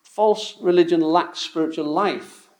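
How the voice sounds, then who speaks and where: A man's voice: a little high, unhurried, darkish tone. A man preaching an emphatic, confrontational sermon.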